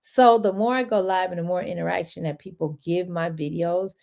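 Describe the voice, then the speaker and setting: A woman's voice: fairly low pitch, steady tone, a little fast, gravelly, darkish tone. A woman wealth and credit coach in a casual, rambling live-stream chat, chatty and encouraging toward her viewers.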